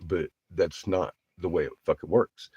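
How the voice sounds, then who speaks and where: A man's voice: sits low, steady tone, moderate pace, a little mellow, breathy edge, dull audio. A man telling a rambling story in a casual vlog, cursing freely and breaking into laughter. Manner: rambling, profane, laughs often. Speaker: vlogger.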